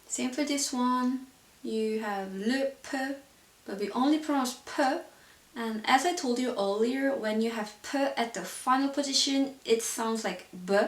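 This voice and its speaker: A woman's voice: a little high, recorded from a distance. A woman teacher giving an online pronunciation lesson, explaining patiently with frequent "so yeah" fillers. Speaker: language teacher. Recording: roomy echo, voice set back from the mic.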